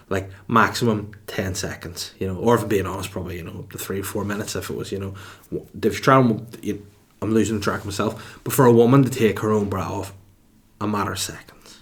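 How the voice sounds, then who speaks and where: A Northern Irish man in his thirties with a fairly low voice hosts a comedy podcast from home in a cold room. In a comedic monologue, he tells stories with animated exasperation and plenty of swearing.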